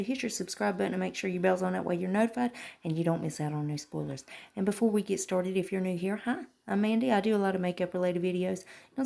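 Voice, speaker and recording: A woman's voice: mid-range voice, gravelly, darkish tone. A woman chatting folksily in a beauty vlog voice-over, calling her viewers honey and girl and swearing mildly. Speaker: beauty vlogger.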